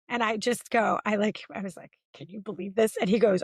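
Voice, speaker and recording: A woman in her forties, co-hosting a podcast, telling lively stories in a casual chat. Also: brisk, hardly any pauses, breathy edge, no room sound. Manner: animated storytelling, swings between high and low. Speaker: podcast co-host.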